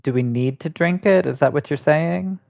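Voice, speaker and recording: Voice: medium pitch, normal speed, creaky, no room sound. A playful, teasing player at a game table. The recording is dry and a little dull, with no room sound. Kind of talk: in-character tabletop role-play.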